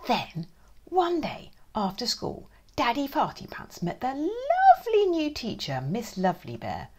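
A woman's voice: high voice, huge pitch swings, unhurried, darkish tone, husky. Playful woman reading a picture book aloud. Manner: playful, dramatic, with whispered asides and sound effects. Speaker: children's author.

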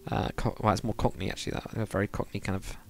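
A man's voice: on the low side, flat delivery, quick pace, vocal fry. A man chatting casually with viewers during a game livestream, rambling and laughing often. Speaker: streamer. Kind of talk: casual livestream chat while building in a game.

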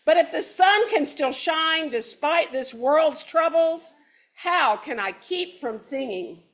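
Brief: woman playing a stubborn storybook rooster, high and sing-song, very lively. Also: slow. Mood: defiant. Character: merry stubborn little male rooster. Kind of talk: storybook read-aloud.

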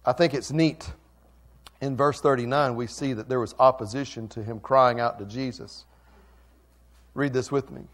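A male pastor preaching a passionate sermon that swings between loud and soft. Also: medium pitch, fairly even intonation, normal speed, pauses often.

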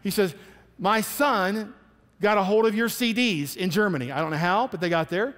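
A male pastor preaching a sermon, emphatic and animated, acting out the people in his stories. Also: high-pitched, normal speed, long reverb tail. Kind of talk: sermon with storytelling.

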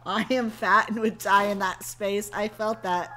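A woman's voice: mid-range voice, steady tone, unhurried, pushed and bright, soft background music. A woman streamer chatting casually and joking with her audience while playing a game. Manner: joking, banters with chat and cohost. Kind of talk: casual gameplay chat.

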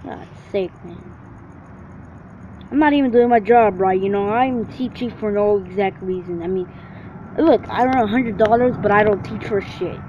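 A man narrating his gameplay in a brash, trash-talking way, cursing at everyone on screen. His voice sits at an ordinary pitch for a man. The recording sounds dull and lo-fi, with a faint hiss underneath. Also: moderate pace. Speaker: gamer. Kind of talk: profane let's-play commentary.

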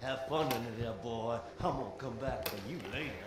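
A man's voice: mid-range voice, moderate pace, crowd noise, natural voice. An actor voicing a menacing, taunting old man in a horror game, over game music. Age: older.

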